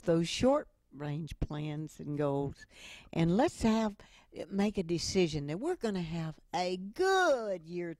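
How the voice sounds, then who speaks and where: A middle-aged woman giving a motivational talk with stories, speaking slowly and deliberately. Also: lowish voice, darkish tone, no room sound. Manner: slow and deliberate, with acted quotes. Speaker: inspirational speaker.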